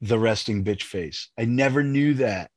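A man's voice: medium pitch, unhurried, dry recording. A man hosting a casual podcast, swearing and poking fun at himself, stumbling over his words when worked up. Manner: animated, self-deprecating, swears, stammers when worked up. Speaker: podcast host. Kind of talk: casual banter.

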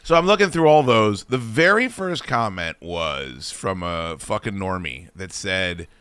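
A man's voice: deep voice, unhurried, clean tone, dry recording. A man hosting a talk show, chatting casually and venting with a lot of swearing. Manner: profane, animated venting. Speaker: radio show host. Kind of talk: casual chat and ranting.

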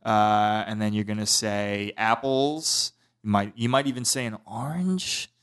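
A man's voice: on the low side, a little slow, a bit bright, clean tone. A man who produces a comedy podcast, riffing playfully in casual chat.

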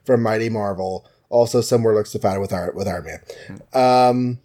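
A man co-hosting a podcast, casually recapping an old comic book with jokes and quick quoted voices. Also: on the low side, mellow. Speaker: podcast co-host.

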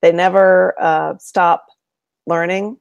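Woman cohost, low fry-ish voice, dry sound, chiming in calmly. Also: slow, no room sound, highs cut off. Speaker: podcast co-host. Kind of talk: casual chat.

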